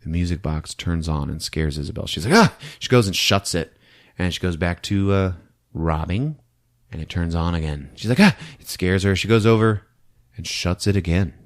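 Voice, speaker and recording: A man with a low voice and moderate pace hosts a podcast, casually walking through a film's plot. Animated and quick to laugh, he acts out scenes for his listeners.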